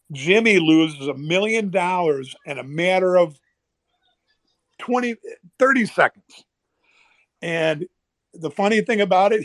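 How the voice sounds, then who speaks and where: A man, a former pit trader, telling animated stories in casual chat and acting out the people in them. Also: high voice, dry recording. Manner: animated, swearing, acts out quoted people. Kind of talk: casual storytelling. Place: online audio room.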